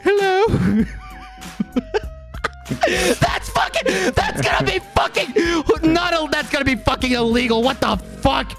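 A young man streaming a game, laughing constantly, shouting and swearing in chaotic banter. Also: extremely high pitch, very animated, a little slow, vocal fry. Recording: game music behind.

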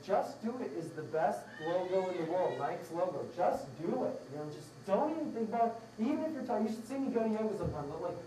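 A woman's voice: mid-range voice, expressive, fast, few pauses, noisy background. A woman giving a casual, rambling talk to a live class, upbeat, laughing often and acting out quotes. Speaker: raw food class instructor. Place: room with a live audience. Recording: echoey room, mic far off.

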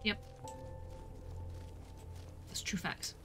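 A woman's voice: drawn-out words, fairly bright tone, faint music behind. A young woman from the UK chatting through a game as a streamer, joking at herself and squealing when she gets hit. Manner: chatty and self-mocking, with squeals when attacked. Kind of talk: casual gameplay commentary.

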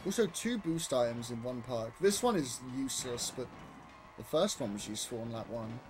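A loud, excitable young British man who swears casually while commenting on his own speedrun. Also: mid-range voice, normal speed. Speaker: speedrunner streaming a racing game. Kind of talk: casual live commentary over gameplay. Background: game music and engine sounds.

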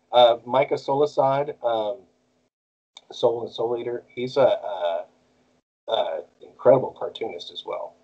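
A man's voice: mid-range voice, lo-fi sound. A man who voices cartoons, chatting casually as an interview guest and jumping between bits of character voices. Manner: animated, jumps into character voices. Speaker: voice actor guest.

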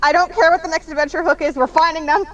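A woman playing a tabletop game, talking in an animated, emotional way and laughing often. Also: very high voice, quick pace, recorded from a distance, lo-fi sound. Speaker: player. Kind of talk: casual tabletop game chat.

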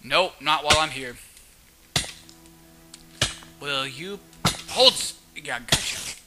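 A man playing a video game and commenting, excitable, often shrieking and yelling at monsters. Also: on the high side, slow, loud music behind the voice. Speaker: let's player. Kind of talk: casual gaming commentary.

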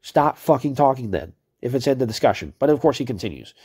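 A man's voice: mid-range voice, sing-song, quick pace, darkish tone, husky. A man ranting in a commentary video, exasperated and sarcastic and swearing freely as he picks apart a chat exchange.

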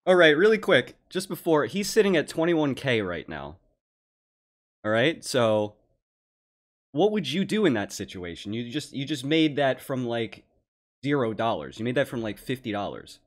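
A man hosting a live reaction show, commenting excitably and laughing along with a stream. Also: mid-range voice, moderate pace.

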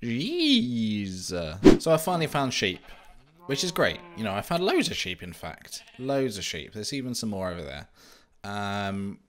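Young guy, low voice, rambling let's-play host who laughs at himself. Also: big pitch swings, normal speed, a bit bright. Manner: chatty, self-mocking, easily distracted. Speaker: Minecraft let's-player. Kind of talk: casual gameplay commentary.

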